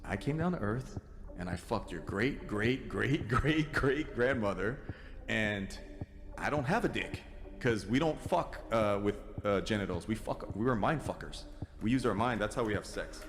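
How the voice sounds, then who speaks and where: A man's voice: fairly low pitch, lively intonation, measured pace. Man doing a crude, foul-mouthed alien spirit. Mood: taunting. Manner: profane, taunting. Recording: reverberant, with music over it.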